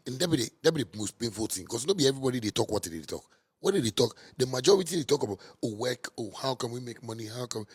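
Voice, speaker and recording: A man with a Ghanaian Pidgin English accent delivering a heated, scolding monologue that repeats and mocks, bursting into sudden loud outbursts. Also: fairly low pitch, husky. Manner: repetitive and mocking. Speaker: musician. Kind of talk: ranting monologue.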